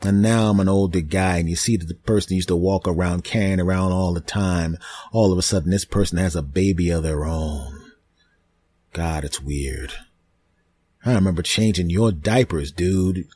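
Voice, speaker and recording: A man's voice: low voice, normal speed, warm tone, breathy edge. A middle-aged man hosting a podcast, telling a rambling comic story with stammers and restarts. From US East Coast. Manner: rambling, stammering, with put-on voices in quotes. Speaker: podcast host. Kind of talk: comedic storytelling monologue.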